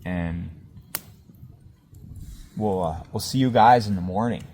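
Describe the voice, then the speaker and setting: A man's voice: sits low, slow pace, noisy background. A man hosting a podcast, telling a rambling campfire story with lots of fillers and chuckles, outdoors at a winter camp. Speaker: podcast host. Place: outdoors at a winter campsite by a fire.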